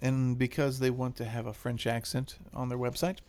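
A man's voice: mid-range voice, flat delivery, moderate pace, a little mellow. A man hosting a casual wine podcast, joking and rambling as he talks. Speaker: podcast host.

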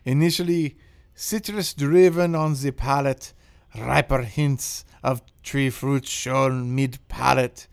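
A man's voice: mid-range voice, steady tone, slow pace, gravelly, no echo, studio quality. A man putting on a bad fake French accent to read out a wine review. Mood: mock-grand.

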